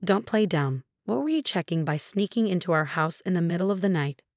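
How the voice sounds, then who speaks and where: A woman voicing a calm young husband who speaks in a measured, cold and firm way. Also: high voice, no room sound, clean studio sound.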